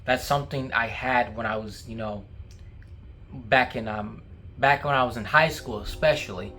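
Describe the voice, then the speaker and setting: A man's voice: medium pitch, normal speed, pushed and bright. A young man vlogging casually to camera, talking while he eats, rambling with many fillers and restarts.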